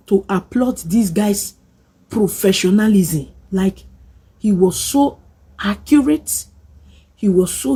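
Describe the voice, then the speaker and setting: A woman's voice: mid-range voice, warm tone, husky. A woman with a Nigerian accent scolding her viewers in an emphatic vlog rant, slipping into pidgin. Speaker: vlogger. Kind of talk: opinionated rant to camera.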